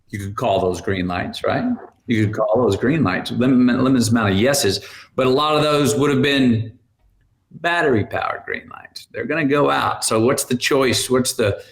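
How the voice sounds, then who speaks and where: A man in his fifties, a guest on a podcast, telling stories with lots of laughter and acted-out voices. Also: lowish voice. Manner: animated storyteller, acts out quoted voices, laughs often. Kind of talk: storytelling in a podcast interview.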